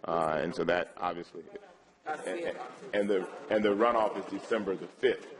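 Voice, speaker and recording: Man, low voice, halting announcements, council chair, crowd noise behind. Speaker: meeting chair. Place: council chamber.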